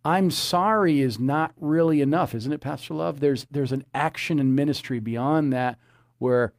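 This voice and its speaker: A man's voice: on the high side, moderate pace, no room sound. Earnest man preaching, dry sound. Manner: earnest, repeats phrases, quotes scripture. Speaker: pastor. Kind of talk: preaching sermon.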